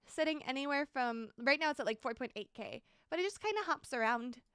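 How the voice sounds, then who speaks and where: A young woman streaming a building game, chatting casually and bubbly, thanking viewers with excited exclamations. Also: sits high, fairly quick, clean tone, no room sound, clean studio sound.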